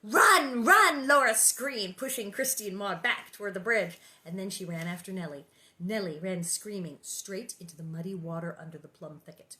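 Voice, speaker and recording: A woman's voice: on the low side, a bit bright. A woman hosting a read-aloud of a children's book, narrating and breaking off for chatty, amused asides.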